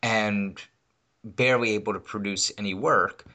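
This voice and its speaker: A married man talking casually and profanely, rambling through his points with animated asides. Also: on the low side, normal speed. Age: adult, married. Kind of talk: casual conversation.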